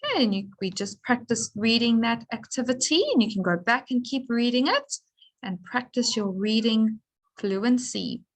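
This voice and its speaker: A woman teacher giving a phonics lesson to young children, sounding out letters and words with slow, careful emphasis. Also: on the high side, rough recording.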